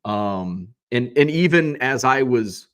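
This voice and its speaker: Hoarse male host, mid-pitched, casual rambling recap with plenty of fillers. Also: animated, takes it slowly, fairly bright tone. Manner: chatty, rambling, many fillers and restarts. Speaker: card show organizer and host.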